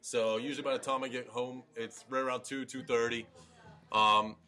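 A man who manages the bar, talking as a guest on a casual podcast in a relaxed, matter-of-fact way. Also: mid-range voice, normal speed.

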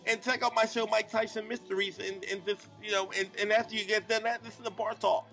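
A man doing an impression of a famous boxer, in a high, soft voice with a slight lisp, in a bar. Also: flat delivery, quick pace, gravelly, faint music behind. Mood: boastful.

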